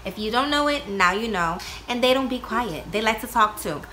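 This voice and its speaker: A woman vlogging casually from home, loud and playful, swearing freely. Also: on the high side, lively intonation, moderate pace, a little hiss or hum. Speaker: YouTube vlogger, mother of two. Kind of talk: casual vlog chat. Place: home with kids nearby.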